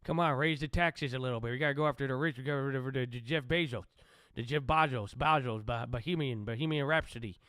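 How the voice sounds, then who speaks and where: A man's voice: medium pitch, quick pace, fairly bright tone, clear, resonant tone, no echo, studio quality, close to an everyday voice. A man doing a blustering, boastful old president. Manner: rambling, repetitive, profane boasting. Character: blustering older male president, boastful and crude. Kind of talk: comic impression on a live stream.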